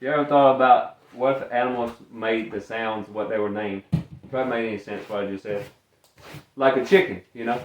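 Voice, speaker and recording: A man's voice: medium pitch, fairly even intonation, normal speed, slight background noise. A man with a Southern US accent, chatting casually and jokingly as a DIY vlogger. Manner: playful, jokey, mimics animal calls. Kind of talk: casual vlog chat. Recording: echoey and distant from the mic.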